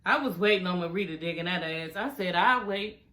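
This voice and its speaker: A woman's voice: lowish voice, fast, fairly bright tone. A woman vlogger casually recapping a reality show, sassy and profane, talking straight to her viewers. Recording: echoey room.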